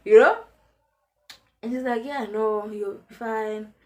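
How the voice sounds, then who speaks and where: A woman's voice: a little high, takes it slowly. A young South African woman casually telling a personal story to her viewers, acting out the dialogue as she goes. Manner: chatty, animated retelling with quoted dialogue. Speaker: vlogger.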